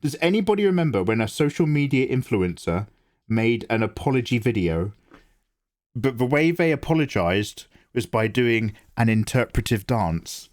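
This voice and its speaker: A man's voice: medium pitch, big pitch swings, moderate pace, a little mellow. Chatty man hosting a stream. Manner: chatty, self-deprecating, reads chat aloud. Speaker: art livestream host. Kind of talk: casual livestream chat.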